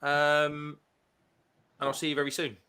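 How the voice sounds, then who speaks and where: Man, bright, slightly high, livestream host, jokey banter, reads comments. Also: completely flat delivery, measured pace, clear, resonant tone. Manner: reads out chat comments, joking. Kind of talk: casual banter.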